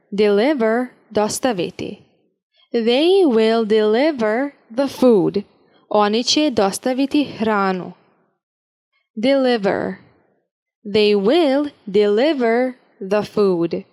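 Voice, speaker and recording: A woman teaching vocabulary at a very slow, measured pace, pronouncing each word with care. Her voice sits a little high for a woman. She reads each word and example sentence steadily, like a drill in a lesson. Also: darkish tone. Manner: slow, deliberate, carefully enunciated word-by-word reading. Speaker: language teacher.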